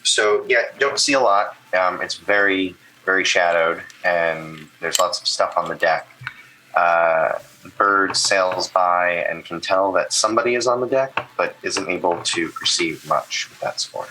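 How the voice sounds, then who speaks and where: A man's voice: low-pitched, measured pace, slight background noise, poor audio. A man running a tabletop game as game master, narrating loosely with fillers. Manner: relaxed, many fillers.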